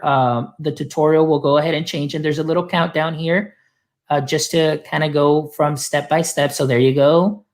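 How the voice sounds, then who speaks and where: Upbeat male educator, casual screen-share demo voice, talky and friendly. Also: on the high side. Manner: upbeat, chatty, lots of filler phrases. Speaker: guest demonstrating software; educator supporting teachers.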